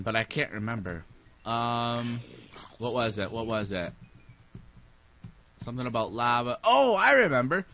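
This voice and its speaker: Goofy, animated young man gaming. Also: mid-range voice, moderate pace, long pauses. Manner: goofy, rambling, sings snippets and silly voices. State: sleepy. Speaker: gaming YouTuber. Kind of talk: let's play commentary.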